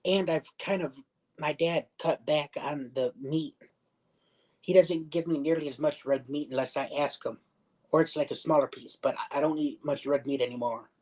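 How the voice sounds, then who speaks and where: A man's voice: on the high side, steady tone, normal speed, darkish tone, rough recording. Man telling a rambling personal story. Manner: rambling, circles back and restarts sentences; acts out other people's lines in the story. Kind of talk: casual storytelling on a livestream.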